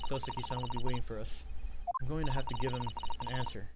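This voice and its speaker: A man's voice: medium pitch, little pitch movement, fast, heavy background noise. A man streaming a game, reading every character's lines aloud with a mild put-on English tone. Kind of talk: live game dub-reading. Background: game music.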